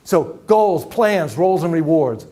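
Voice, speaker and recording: A man presents a live leadership session in a conference room, his voice sitting fairly high for a man. He speaks with energy and keeps turning to the audience with questions. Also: lively intonation, unhurried, dark tone. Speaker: keynote speaker. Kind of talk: live leadership workshop talk.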